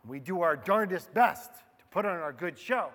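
A man with a high voice preaches a sermon, his words ringing with a long reverb in a large hall. He talks to the men in front of him as if chatting, then drops into hushed asides or pushes hard on key words. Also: lively intonation, moderate pace. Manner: swings from hushed low asides to loud emphatic stresses; conversational, addresses the men in the room.

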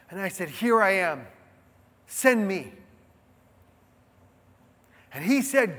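High-voiced preacher in a reverberant hall. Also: male voice, very animated, slow, long pauses. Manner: swings between hushed reflection and emphatic proclamation. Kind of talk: sermon.

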